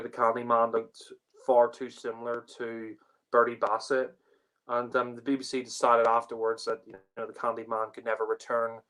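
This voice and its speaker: This man's voice is mid-range with a fairly bright tone. He's a podcast co-host in a casual chat reviewing a TV story, rambling with lots of fillers while laughing and swearing.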